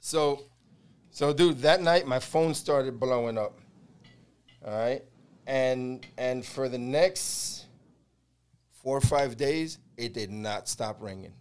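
Middle-aged American man, podcast host, lively storyteller who acts out every quote and swears freely. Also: medium pitch, slow pace, long pauses, clear, resonant tone. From United States. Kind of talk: casual storytelling chat.

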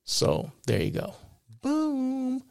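Man, host, casual live-stream talk, chatty, gravelly, dry room. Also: extremely high pitch, wildly swooping pitch, extremely slow, darkish tone, dry recording. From United States. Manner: chatty, keeps checking in with "right?", chuckles at his own jokes. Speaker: host of a live show and podcast.

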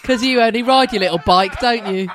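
A woman putting on a Cockney accent to play a blokey male friend, loud and laughing through it. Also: a little high, a little fast, noisy background, close to an everyday voice. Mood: teasing. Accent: Cockney, put on.

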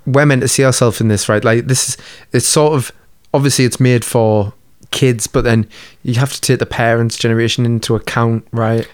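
A man's voice: medium pitch, fairly even intonation, moderate pace, hardly any pauses, clear, resonant tone, no room sound, clean studio sound. A man, co-hosting a casual chat, laid-back and sweary, laughing easily. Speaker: podcast co-host.

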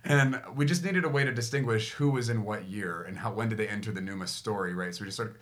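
A man's voice: on the low side, quick pace. A man hosting a podcast, telling a story in casual chat and acting out what he said back then. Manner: animated, acts out his own past lines in quotes. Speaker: podcast host.

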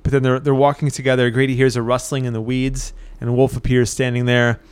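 A man with a smooth, clear voice tells a spooky story in an easygoing, unhurried way, pausing on his fillers. The sound is dry and close. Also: mid-range voice, flat delivery, no echo. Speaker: storyteller and co-host. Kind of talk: casual storytelling.

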